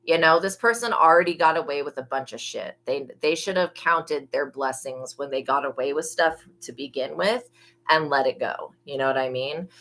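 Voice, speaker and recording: A blunt, gossipy young woman giving a tarot reading in a casual monologue and swearing freely. Her voice sits low for a woman yet sounds bright and forceful. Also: moderate pace, rough recording. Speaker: psychic tarot reader.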